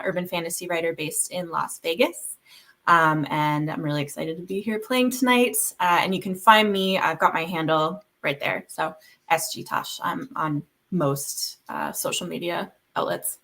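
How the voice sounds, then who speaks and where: A woman's voice: lowish voice, moderate pace, a bit bright. A woman introducing herself as a player in a tabletop game, caught off guard and hesitant. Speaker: player, author. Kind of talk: casual self-introduction.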